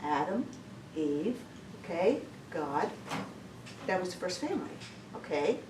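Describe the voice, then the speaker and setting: A woman's voice: on the low side, very animated, unhurried. Woman giving a chatty church testimony. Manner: chatty, stumbling restarts, laughs often. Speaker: women's session speaker. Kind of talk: informal testimony talk. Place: church hall. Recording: echoey room, mic far off, noisy.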